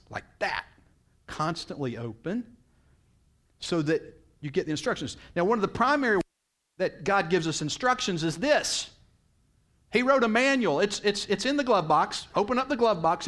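Animated man preaching a sermon. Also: high-pitched. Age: middle-aged. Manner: storytelling, animated, voice jumping up for quoted lines. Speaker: pastor.

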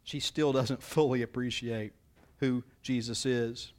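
A man's voice: fairly even intonation, unhurried. A man preaching a sermon in a folksy, conversational way, often acting out what people say. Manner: folksy, conversational, acts out quotes with swings in pitch and loudness. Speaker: pastor.

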